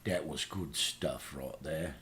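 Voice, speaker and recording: A man's voice: rumbling low, slow pace, loud music behind the voice. A man playing a boastful aging British punk singer with a Liverpool accent, who guest hosts a radio show in a rambling, hesitant way. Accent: Liverpool English. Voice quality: rambling, hesitant, full of fillers. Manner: bursts into loud ranting. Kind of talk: comic radio character chat.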